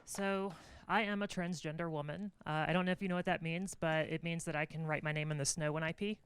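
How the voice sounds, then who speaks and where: A woman's voice: low voice, fairly even intonation, fairly quick, smooth, dry recording. A woman comedian performing a stand-up set, telling stories casually with frequent filler words. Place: stage at a comedy venue.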